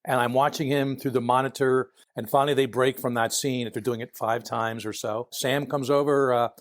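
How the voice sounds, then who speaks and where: A man's voice: medium pitch, steady tone, brisk, no room sound. Chatty Philadelphia man with a dry sound. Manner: chatty, acts out voices in anecdotes, chuckles while talking. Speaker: guest, retired FBI agent. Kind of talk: casual interview storytelling.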